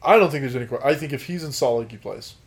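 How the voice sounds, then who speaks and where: American guy on a chill soccer podcast, dry teasing humor, laughs a lot, regular pitch. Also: rapid-fire. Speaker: podcast co-host. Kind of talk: casual sports podcast chat.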